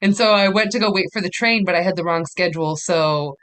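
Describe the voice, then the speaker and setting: A woman's voice: on the low side, fast talker, fairly bright tone, a little hiss or hum. A woman comedian, a podcast guest, telling a story in a casual, rambling way full of "like". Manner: rambling, many "like" fillers.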